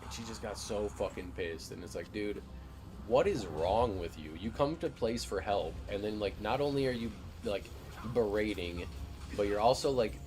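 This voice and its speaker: A man's voice: fairly low pitch, lively intonation, moderate pace, darkish tone, faint music behind. A young man streaming a game, telling a profane, ranting story in casual chat.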